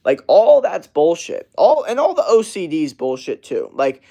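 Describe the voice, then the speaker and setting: A man's voice: a little high, very animated, a little slow, vocal fry, dark tone. A young man in college ranting casually to camera, profane and rambling, mocking people in whiny put-on voices. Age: young adult. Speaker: vlogger.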